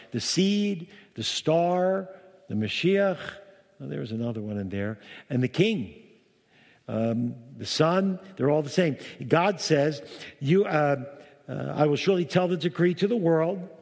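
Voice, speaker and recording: A man's voice: darkish tone, breathy edge. A man preaching a sermon, reading scripture aloud with emphatic, rising delivery and breaking off to explain it. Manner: emphatic, reads verses aloud with rising pitch. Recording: long hall reverb.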